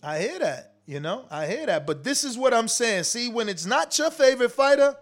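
High-pitched guy w/ ranting to his stream, slangy, emphatic. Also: moderate pace. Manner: animated, slangy, emphatic, talks straight to the audience. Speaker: boxing commentary show host. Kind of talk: casual livestream talk reading super chats.

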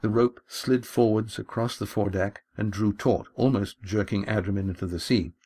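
A man reading his own adventure novel aloud in a measured, steady storytelling manner. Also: fairly low pitch, slightly rough. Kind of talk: audiobook narration.

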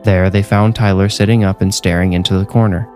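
A man narrating a horror story in a measured, deliberate scripted read. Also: deep voice, fairly even intonation, darkish tone, soft background music.

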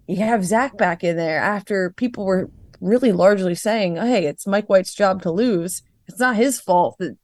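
A woman's voice: medium pitch, a little mellow, no echo. A young adult woman giving casual sports analysis, rambling with lots of fillers and a wry, sarcastic edge. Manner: rambling, filler-heavy with frequent "like". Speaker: guest analyst.

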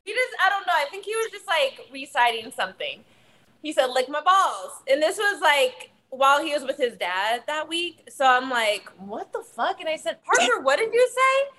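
A woman co-hosting a podcast, telling a story in an animated way and laughing often. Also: sits high, moderate pace, a little hiss or hum, low-quality recording. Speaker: podcast co-host. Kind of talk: casual chat.

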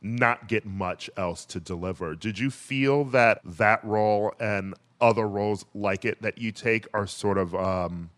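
A man's voice: lowish voice, measured pace, hardly any pauses, fairly bright tone. A man interviewing an actress, asking a long and hesitant question. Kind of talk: casual interview chat.

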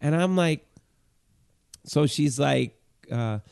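Gravelly, animated male comedian storyteller. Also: on the high side, takes it slowly, no echo, clean studio sound. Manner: animated, acts out the people in his story. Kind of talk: podcast storytelling.

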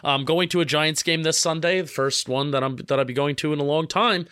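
A young man from New Jersey co-hosting a casual sports podcast, upbeat and excitable. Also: fairly high pitch, clean tone, no room sound, studio quality. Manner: upbeat, excitable, hurried asides. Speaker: podcast co-host.

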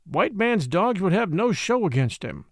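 A man's voice: high voice, sing-song, measured pace, dry recording, studio quality, heavily acted. A man voicing a proud, irritable master who snaps back defensively. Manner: terse, defensive, snapping. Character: proud, irritable male master of wolf-dog.

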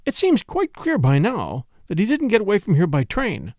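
A man's voice: high-pitched, wildly swooping pitch, normal speed, darkish tone, no room sound, clean studio sound, pitched above the performer's own voice, heavily acted. A man voicing a bossy, opinionated middle-aged woman who lectures everyone in an insistent, scolding way. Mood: eager.

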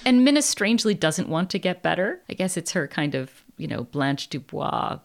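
A woman in casual book talk, thoughtful and measured with a wry edge. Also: on the low side, very animated, vocal fry.

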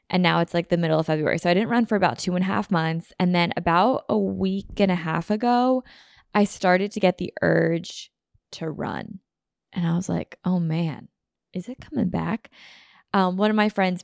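A woman's voice: lowish voice, gravelly, clear, resonant tone, no room sound, clean studio sound. A woman hosting a solo podcast, chatting casually and rambling with lots of "like" fillers. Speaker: podcast host.

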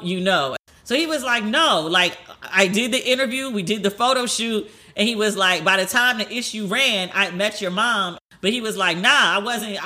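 A woman talking through a solo podcast with a bright, forceful voice. She is chatty and animated, curses freely, and goes higher when she acts out what others said. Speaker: podcast host. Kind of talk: casual solo podcast storytelling.

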